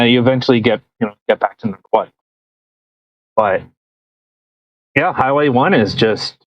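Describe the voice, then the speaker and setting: A man's voice: mid-range voice, dry recording, muffled recording. A man co-hosting a podcast, chatting casually and rambling with lots of restarts. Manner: rambling, restarts with many fillers. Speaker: podcast co-host. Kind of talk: casual chat.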